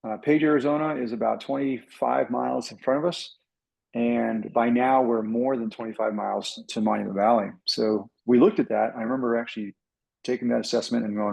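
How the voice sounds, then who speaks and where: A man who is a pilot and flight instructor, telling a club audience about a flight in an animated, casual way and acting out radio calls. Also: mid-range voice, fairly quick, gravelly, slightly rough, poor audio.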